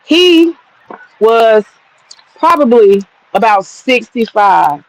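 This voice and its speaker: A woman's voice: on the high side, very slow, rough recording. A woman streamer tells a story to her viewers in loose, casual talk. She curses freely and drifts into side remarks. She keeps her hands busy with a task as she talks. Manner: profane, rambling, lively storyteller; works with her hands while talking.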